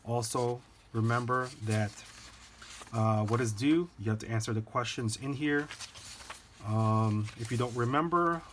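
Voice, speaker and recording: A man's voice: medium pitch, measured pace, slight background noise. A man teaching a recorded lecture, talking informally and directly to his students, with light jokes.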